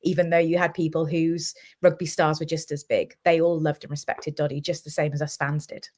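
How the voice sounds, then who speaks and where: Animated Welsh woman telling stories. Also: sits low, fairly quick. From Wales. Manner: animated storyteller, acts out quoted voices. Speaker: guest, Wales team captain. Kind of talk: casual live chat, storytelling.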